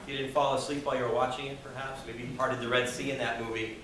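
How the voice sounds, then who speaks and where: A man giving a motivational speech to a live audience in a meeting room, expressive and asking the audience questions. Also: mid-range voice, quick pace, slight background noise. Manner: expressive, acts out quoted people, audience questions. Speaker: Toastmasters speaker. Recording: echoey room from far off.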